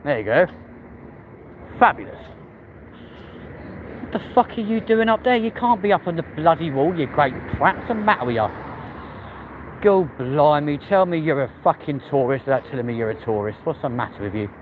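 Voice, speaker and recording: This London-accented Englishman live-streams while walking the streets, chatting with viewers in a cheeky, sweary manner. He sounds a little high and animated, moving at a moderate pace and pausing often. The rough recording has a little hiss or hum.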